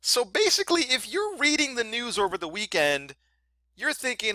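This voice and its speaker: A man walks viewers through trading charts in a forceful, tense voice. He talks bluntly, swears freely and sounds annoyed, often tagging his points with "right?". The recording is close and dry. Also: very high voice, wildly swooping pitch, normal speed, no echo. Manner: keeps asking "right?" for agreement. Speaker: trading educator. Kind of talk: screen-share trading tutorial.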